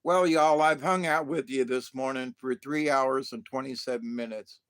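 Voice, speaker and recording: A man's voice: mid-range voice, fairly even intonation, moderate pace, a bit bright, smooth. A man rambling to viewers in a loose monologue, laughing often and repeating insults with heavy emphasis, stoned. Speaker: vlogger.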